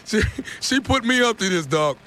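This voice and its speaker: A man making a radio prank call, fast and confrontational, with stammering restarts. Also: sits high, expressive, pushed and bright, slight background noise.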